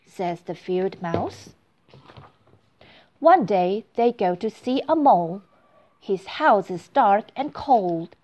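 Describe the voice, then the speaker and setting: Slow, expressive woman reading a storybook. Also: medium pitch, lo-fi sound.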